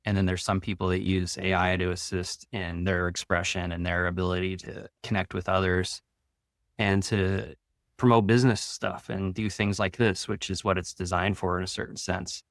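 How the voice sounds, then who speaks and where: A man talking loosely with many fillers about spiritual insights, then guiding a slow, soft meditation with long pauses. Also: sits low, little pitch movement, no echo, studio quality. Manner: rambling, loose casual talk with many "like" fillers. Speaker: spiritual teacher leading a guided meditation. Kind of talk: channeled energy update and guided meditation.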